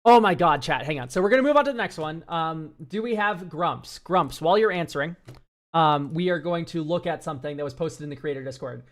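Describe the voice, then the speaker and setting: A deck-review streamer chatting straight to their live chat in a loose, unscripted way. They rant freely and drop swear words without a second thought. The voice sits at an ordinary middle pitch. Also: animated, brisk. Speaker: streamer reviewing viewer decks. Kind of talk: casual livestream chat.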